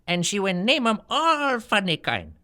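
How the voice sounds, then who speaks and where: A woman's voice: mid-range voice, huge pitch swings, measured pace, pushed and bright, exaggerated voice. A woman playing an older island mother with a Hawaii Pidgin accent, chatting and rambling through family gossip.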